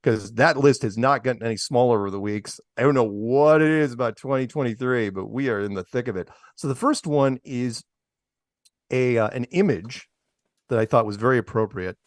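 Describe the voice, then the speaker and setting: In casual commentary on news clips, a male talk-show co-host with a mid-range voice reads items aloud at normal speed and adds mocking, sarcastic asides. The clean studio sound has no echo.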